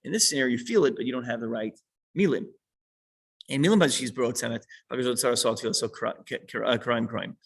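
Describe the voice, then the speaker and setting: Gravelly husky male teacher. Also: mid-range voice, fast talker, rough recording. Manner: explanatory, reads a line then unpacks it. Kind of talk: explaining a text to a small class.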